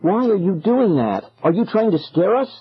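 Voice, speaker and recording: A man's voice: a little high, sing-song, unhurried, slightly rough, highs cut off, exaggerated voice. A man voicing a frightened, lost child who pleads in a raised, tense voice.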